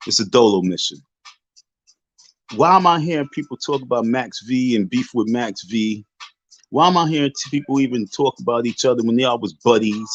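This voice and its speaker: Medium in pitch, darkish, and slightly rough, this man's voice comes from a tipsy livestream host out of Southside Jamaica, Queens, New York. He taunts rivals in an unscripted, slang-heavy street rant, captured in dull lo-fi stream audio.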